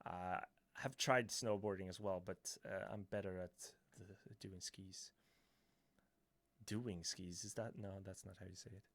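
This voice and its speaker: A man's voice: deep voice, steady tone, fairly quick, gravelly, fairly bright tone, no room sound. A man from Sweden with a Swedish accent answering viewers' chat questions on a casual livestream. He talks hesitantly, with many fillers, restarts and chuckles. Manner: hesitant, filler-heavy, self-correcting, chuckling.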